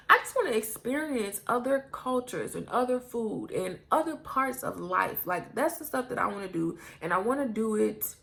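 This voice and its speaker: A young woman with a gravelly voice, answering get-to-know-me questions in a candid, blunt manner and swearing freely. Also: medium pitch, fairly bright tone. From United States. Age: young adult. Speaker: YouTuber.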